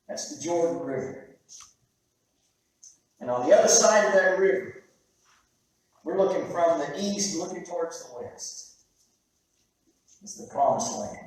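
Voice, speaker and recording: A man preaching a sermon, telling a story in a conversational way with halting restarts. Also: high-pitched, darkish tone. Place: church sanctuary. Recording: very echoey room, heard from a distance.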